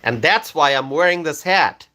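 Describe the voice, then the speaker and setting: Lively, high-pitched livestream host man. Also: normal speed. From Bangladesh. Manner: animated, repeats questions, laughs often. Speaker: livestream host reading chat. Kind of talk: live stream chat reading.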